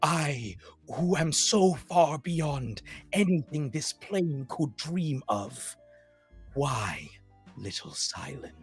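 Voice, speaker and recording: A man voicing an old female Fey spirit who speaks slowly, softly and haughtily, with a low, otherworldly tone. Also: sing-song, husky, soft background music, exaggerated voice. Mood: aloof. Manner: slow, hushed, haughty. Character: ancient aloof female Fey spirit, a mother.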